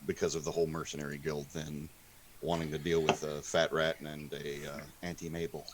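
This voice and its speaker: Brief: deep-voiced male player, casual, jokey table talk. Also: level tone, brisk, slight background noise. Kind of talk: casual game chat.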